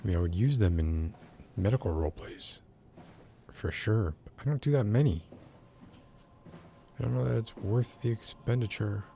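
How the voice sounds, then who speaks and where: A soft-spoken man chatting casually and rambling while streaming a video game. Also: fairly low pitch, moderate pace, gravelly, long pauses, slight background noise. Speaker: game streamer and ASMR creator. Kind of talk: casual livestream chat while gaming.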